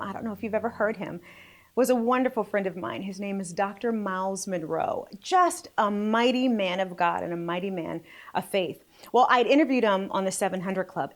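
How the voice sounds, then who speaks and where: A woman in her forties hosting a casual faith vlog, chatty and quick to laugh at herself. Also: mid-range voice. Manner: chatty, laughing, self-deprecating. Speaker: vlog host.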